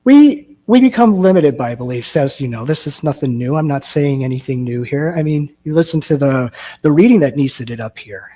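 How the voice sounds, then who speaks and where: A man's voice: a little high, lively intonation, a little fast, warm tone. A male minister giving a sermon, telling a story and asking rhetorical questions. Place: church sanctuary.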